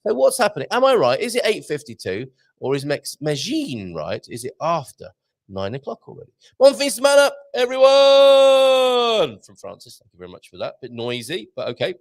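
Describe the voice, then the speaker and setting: Male host, jokey, lively, gravelly edges, dry close sound. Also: mid-range voice, brisk, no room sound. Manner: jokey, chatty, animated, laughs often. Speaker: live show host. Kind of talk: casual live-stream chat reading viewer comments.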